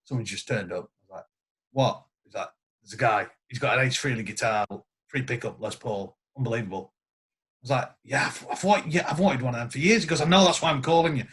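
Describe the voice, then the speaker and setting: A man's voice: mid-range voice, a little fast. A man, a guest guitarist, telling stories in casual podcast chat and acting out the quotes. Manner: animated storyteller acting out quotes.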